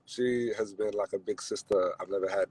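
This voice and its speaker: A man's voice: fairly low pitch, fairly even intonation, a little fast, darkish tone, husky, poor audio. A young man from Australia, a podcast guest, chatting in a laid-back way with lots of fillers and laughs. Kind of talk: casual chat.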